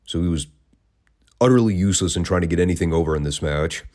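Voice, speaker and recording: A man's voice: deep voice, fast, a little mellow. A man hosting a wrestling review podcast, talking casually with wry, sarcastic asides.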